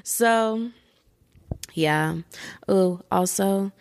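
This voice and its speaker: A woman's voice: mid-range voice, extremely slow, dry recording. Chatty young woman podcasting solo. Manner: chatty and rambling, laughing at herself, lots of "like" and "y'all". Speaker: podcast host. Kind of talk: casual solo podcast chat. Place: under a blanket at home to cut echo.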